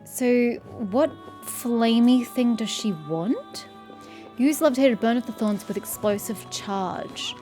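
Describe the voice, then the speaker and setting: A woman talks her way through a video game, reading prompts aloud and tossing out sarcastic asides. Her voice sits a bit high, and faint game music plays under her. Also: takes it slowly, warm tone. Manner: sarcastic, swears casually, reads quest text aloud. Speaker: let's-play streamer. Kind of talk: casual game commentary.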